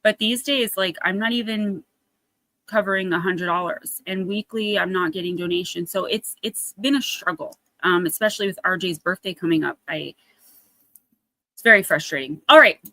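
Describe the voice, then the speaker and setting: A woman's voice: on the low side, moderate pace, bright, forceful tone, no echo. A woman in her thirties hosting a casual livestream, chatty and storytelling, acting out little quotes. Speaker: oracle card reader, livestream host.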